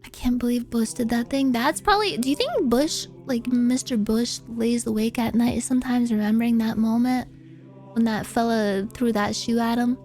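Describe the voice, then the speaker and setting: Faint music plays behind a streamer who reads viewer confessions and chats casually at a normal speed. Animated throughout, she swears freely and breaks into squeaky outbursts.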